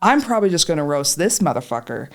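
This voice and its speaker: Woman ranting a funny story, swears a lot, voice kinda low but bouncing all over. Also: fast. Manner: profane, animated, acts out voices in quotes. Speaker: podcast guest, patient. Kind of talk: casual storytelling chat.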